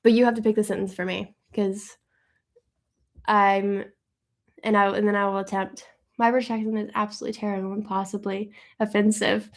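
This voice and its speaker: A woman hosting a live stream, chatting casually and thinking out loud as she answers viewer questions. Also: medium pitch, little pitch movement, a little fast. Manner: chatty and upbeat, thinking aloud.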